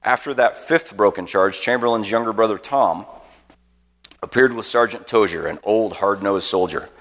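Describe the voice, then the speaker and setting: A man's voice: fairly low pitch, normal speed, a bit bright, in a large hall. A man, a pastor, preaching a sermon by telling a battle story with vivid dramatic narration. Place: church auditorium.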